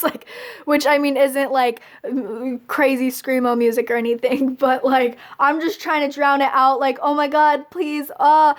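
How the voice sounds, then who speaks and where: A young woman vlogging, telling a personal story in a chatty, confessional way and dropping "like" into nearly every phrase. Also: high-pitched. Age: young adult. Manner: chatty, confessional, laughs between lines. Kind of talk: casual storytelling to camera.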